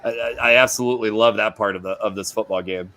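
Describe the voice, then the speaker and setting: A man's voice: lowish voice, fairly even intonation, bright, forceful tone. A man with a Minnesota accent, a guest on a sports radio show, talking casually about college football picks with frequent restarts. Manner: halting, restarts, easygoing.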